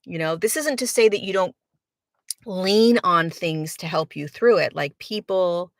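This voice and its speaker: A woman's voice: on the low side, unhurried, dry recording, studio quality. A woman hosting a spiritual podcast, talking earnestly in a reflective monologue and repeating words for emphasis. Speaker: spiritual teacher and podcast host.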